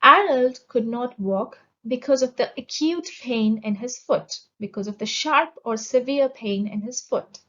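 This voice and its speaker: Woman, vocabulary teacher, slow careful delivery, somewhat high voice, slightly muffled recording. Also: fairly bright tone. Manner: slow, deliberate, enunciating each word. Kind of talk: scripted vocabulary lesson.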